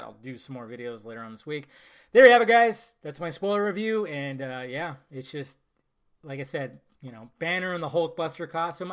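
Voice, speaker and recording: A man's voice: fairly high pitch, a bit bright. A young man giving a casual film review monologue, swearing freely and acting out scenes in quoted lines.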